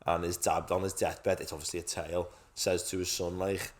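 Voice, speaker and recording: A man's voice: sits low, level tone, a little fast. A young man in his twenties co-hosting a podcast in casual chat, swearing often and calling his friend "lad". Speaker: podcast co-host. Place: studio set with a couch.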